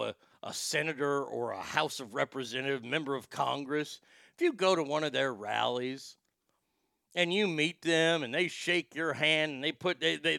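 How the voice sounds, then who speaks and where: Profane, ranting high-voiced male host. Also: creaky, sharp tone, no echo. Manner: profane, heated, sarcastic. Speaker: show host. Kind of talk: ranting commentary.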